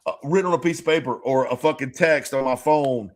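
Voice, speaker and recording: A man co-hosting a podcast in casual chat, rambling and halting, full of restarts and swearing. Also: medium pitch. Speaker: podcast co-host.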